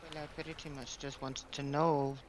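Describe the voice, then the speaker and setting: A man's voice: on the high side, flat delivery, moderate pace, poor audio. A man playing a tabletop game, talking through his questions in a thoughtful, rambling way. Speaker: player. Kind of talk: casual tabletop gameplay talk.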